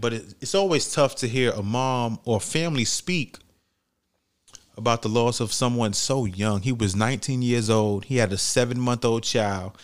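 A young man from New York City hosting a podcast, giving blunt, profane, heated commentary in casual talk. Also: on the low side. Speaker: podcast host.

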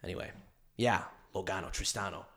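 A man's voice: deep voice, fairly even intonation, a little fast, very noisy. A young man hosting a podcast in casual chat, rambling through stories and swearing often. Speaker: podcast host.

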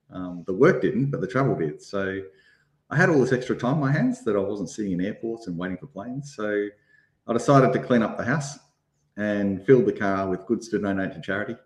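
A low-voiced man talks as an interview guest, telling his story in a chatty, rambling way full of fillers. He sounds like he is in an echoey room. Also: expressive, moderate pace. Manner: chatty, anecdotal, many fillers. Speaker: guest, charity founder.

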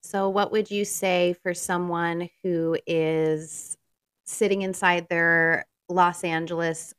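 A woman hosting a podcast, chatting in a relaxed and agreeable way and saying "like" often. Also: low voice, smooth, dry recording, clean studio sound. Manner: relaxed, agreeable, says "like" a lot. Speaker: podcast host. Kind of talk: casual podcast conversation.

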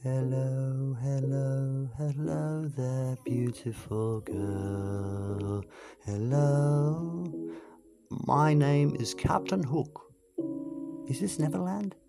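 A pompous pirate captain booms in a theatrical, raised voice with a gravelly edge, as a man puts him on. Music plays clearly behind him. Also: steady tone, extremely slow. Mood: grand.

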